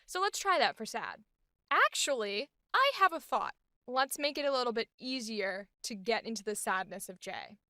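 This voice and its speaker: A young adult woman hosting a casual voice acting vlog, talking in an animated, enthusiastic way. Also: on the high side, normal speed, dry recording, clean studio sound. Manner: animated, enthusiastic, filler-heavy talk. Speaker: voice actor and host.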